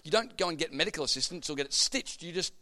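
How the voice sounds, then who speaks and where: A man's voice: on the high side, expressive, fast, pushed and bright. A man voicing a worried army officer in a sermon story, blunt and exasperated. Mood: insistent.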